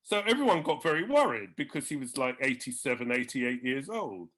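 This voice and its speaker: This guest storyteller, a man, talks a little fast in a mid-range voice with a breathy edge. He relates musical anecdotes in conversation with animation, acting out the quoted voices of the people involved.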